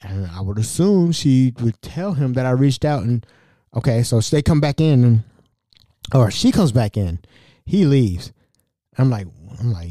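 A man in his forties hosts a podcast and tells a story in a lively, swooping voice. He stammers and repeats words as he goes, with a mellow, dark tone. The sound is dry and close. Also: mid-range voice, unhurried, no echo. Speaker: podcast host. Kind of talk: storytelling monologue.

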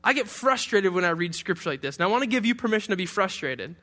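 A young man from Detroit delivers a sermon in a notably high voice. He preaches in a loose, joking way, with humorous asides to his listeners. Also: very animated, fast, sharp tone. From Detroit, USA. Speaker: pastor.

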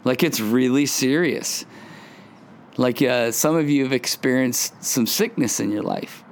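A man's voice: mid-range voice, measured pace. A middle-aged man hosting a devotional podcast in an informal, chatty way, full of fillers, and tired after a day of surfing. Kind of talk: casual devotional podcast talk.

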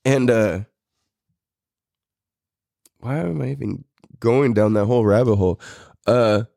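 A man's voice: mid-range voice, a little slow, gravelly, mellow, no room sound, studio quality. A man in his thirties from California, a podcast host telling a story in a loose, profane, rambling way with frequent laughs. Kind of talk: casual storytelling.

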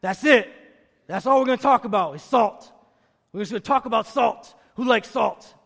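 High-voiced man preaching with call-and-response. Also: normal speed, vocal fry, a bit bright. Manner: emphatic, repeats key phrases. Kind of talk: sermon. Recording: long reverb of a large room.

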